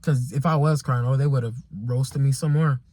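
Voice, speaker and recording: A man's voice: mid-range voice, fairly even intonation, normal speed, warm tone, no echo. A young man vlogging a casual storytime monologue, rambling and repeating himself with exasperation and slang.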